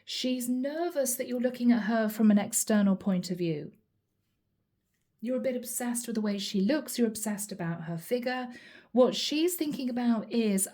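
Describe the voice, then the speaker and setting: Earnest mellow-voiced woman reading tarot. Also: on the high side, animated, moderate pace. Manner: earnest, repeats questions, addresses listener directly. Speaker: tarot reader.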